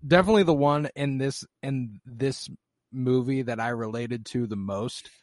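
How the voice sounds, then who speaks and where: A man's voice: medium pitch, normal speed, no room sound. A young man co-hosting a casual movie-review chat, rambling and swearing easily, with lots of fillers. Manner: relaxed, rambling, profane, filler-heavy. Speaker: podcast co-host.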